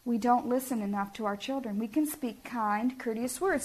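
A woman's voice: fairly high pitch, normal speed, few pauses, darkish tone, breathy edge. A middle-aged woman giving a sermon-style talk to parents, earnest and homey, often putting questions to her listeners. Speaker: speaker at a family ministry talk.

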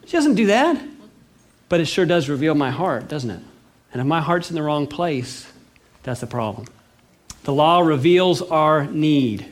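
A man preaching a sermon, animated and conversational, acting out little everyday scenes. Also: on the high side, unhurried, long pauses.

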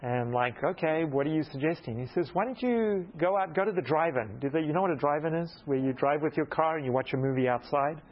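A man preaches through a personal story, poking fun at himself and acting out each exchange. His voice sits a little high and climbs further when he gets excited. The recording sounds dull and lo-fi. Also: fast talker, few pauses. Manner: animated, self-mocking storyteller who acts out dialogue. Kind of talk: storytelling sermon.

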